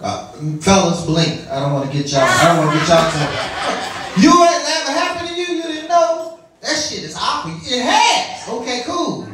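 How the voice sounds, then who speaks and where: Man, stand-up comic, AAVE, animated pitch, roomy distant sound, audience laughter. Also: moderate pace, a crowd in the background. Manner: loose, profane, swings up high for punchlines. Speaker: stand-up comedian. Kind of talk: live stand-up with crowd work. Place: small bar with a live audience.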